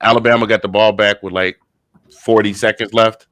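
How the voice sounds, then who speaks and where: A man in his fifties, an excited podcast guest, telling stories and acting out quotes, short on sleep. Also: fairly low pitch, fairly quick, no room sound. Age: 50s. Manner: animated storyteller who acts out quotes. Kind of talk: excited casual chat.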